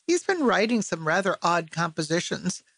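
A woman voicing a kind, soft-spoken female schoolteacher in an audiobook, gentle and politely concerned, with a soft, sweet voice. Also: fairly low pitch, very animated, moderate pace, breathy edge, dry recording, full character voice. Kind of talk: audiobook character voice.

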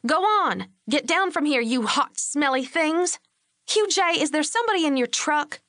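Woman reading a testy ranch wife, raised pitch, biting and sarcastic, dry close audiobook sound. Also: animated, normal speed, no room sound. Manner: sharp, sarcastic, clipped. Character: irritable sharp-tongued ranch wife.

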